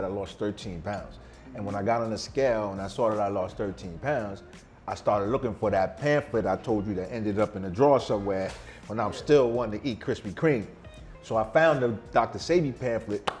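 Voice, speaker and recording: A man's voice: lowish voice, darkish tone. A man in his forties or older, a vegan chef, talking casually and boastfully in loose street slang during an interview over a meal in a restaurant. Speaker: vegan chef and weight loss guest.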